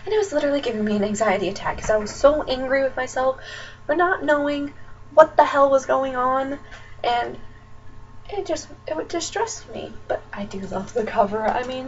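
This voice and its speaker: High-voiced young woman ranting about books. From Nebraska, USA. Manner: chatty, ranting, lots of fillers. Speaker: book vlogger. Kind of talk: casual chat. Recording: distant dull webcam audio with faint noise.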